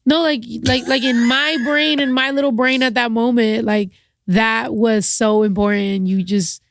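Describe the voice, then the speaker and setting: A woman's voice: on the high side, fairly even intonation, a little slow, dry recording, studio quality. A woman from Mexico, a podcast guest, talking casually and sympathetically with many fillers. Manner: sympathetic, warm reactions, lots of fillers. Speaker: guest, musician. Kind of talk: casual chat.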